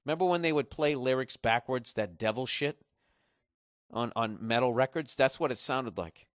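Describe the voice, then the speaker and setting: A man's voice: medium pitch, moderate pace, no room sound, clean studio sound. A man from Massachusetts hosting a solo podcast, rambling in a profane, sarcastic way. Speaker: podcast host.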